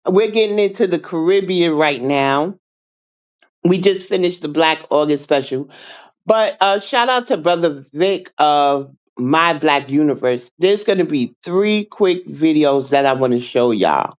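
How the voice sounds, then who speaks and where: A host on a long livestream, speaking slowly with weary indignation. The audio is dull and lo-fi, missing its highs. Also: animated. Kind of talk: livestream talk.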